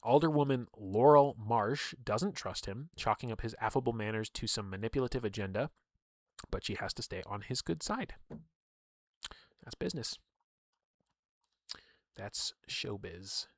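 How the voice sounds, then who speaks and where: A man's voice: lowish voice, lively intonation, measured pace, long pauses, no echo. Chatty man reading aloud, dry close mic. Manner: reads aloud with chatty asides and laughs. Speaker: streamer reading a game book. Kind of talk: casual livestream read-through.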